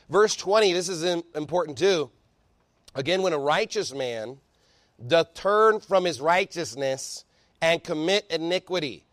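A man preaching a sermon with fervor, reading scripture quickly and building up to shouting. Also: high voice, no echo, clean studio sound. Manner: fervent preaching, rising to shouts; reads scripture aloud quickly. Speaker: pastor.

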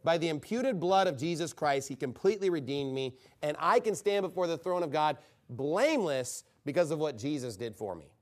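A man's voice: a little high, expressive, moderate pace. A man preaching a fiery, combative sermon from the pulpit. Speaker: pastor.

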